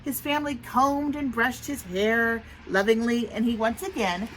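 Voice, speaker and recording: A woman teacher reading a picture book aloud to young children outdoors in the rain, in an expressive, sing-song storytelling manner. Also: a little high, moderate pace, poor audio. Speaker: preschool teacher. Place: outdoors in the rain near a road. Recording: traffic noise from passing trucks.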